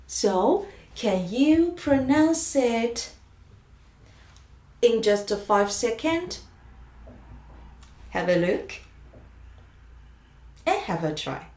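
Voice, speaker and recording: Woman teaching pinyin, unhurried drill delivery, roomy echo. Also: mid-range voice, big pitch swings, darkish tone. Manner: drawn-out syllable drills, many fillers. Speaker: Chinese language teacher. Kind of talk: slow pronunciation lesson.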